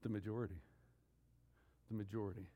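A middle-aged man preaching a sermon, emphatic, repeating key phrases and swinging between loud declarations and hushed asides. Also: on the low side, flat delivery, fairly quick. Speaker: pastor.

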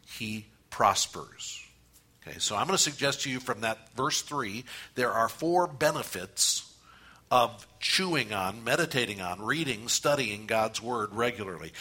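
A man preaching a sermon, animated, with repeated phrases and pauses. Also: medium pitch, breathy edge. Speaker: pastor.

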